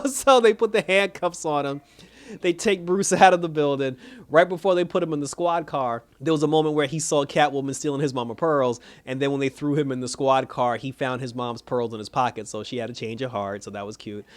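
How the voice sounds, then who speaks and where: A man's voice: medium pitch, steady tone, fairly quick. A man casually recapping a TV episode, rambling through the plot with lots of "he was like" asides and chuckles. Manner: rambling retelling, full of "he was just like" and laughs. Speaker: TV episode reviewer.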